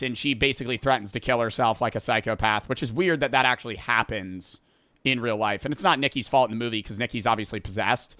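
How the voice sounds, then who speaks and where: A man's voice: medium pitch, bright, forceful tone, no room sound, clean studio sound. A man casually recapping a movie plot, rambling and profane, laughing as he goes. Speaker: podcast host.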